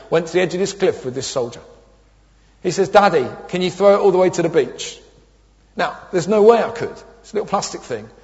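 A man in his thirties preaches with a high, light voice, telling funny stories and voicing the people in them. The sound is dull and lo-fi, with a long echo of a church hall. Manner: humorous storytelling with acted quotes. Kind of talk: sermon.

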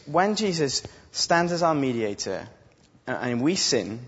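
A man's voice: on the high side, slightly rough. A man preaching an impassioned, emphatic sermon, acting out quotes as he goes. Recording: dull sound with long hall reverb.

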